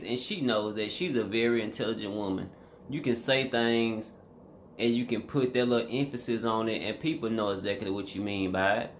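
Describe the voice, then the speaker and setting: A man's voice: on the low side, a little hiss or hum. A man vlogging a casual reaction commentary, emphatic and slangy, talking straight to his viewers.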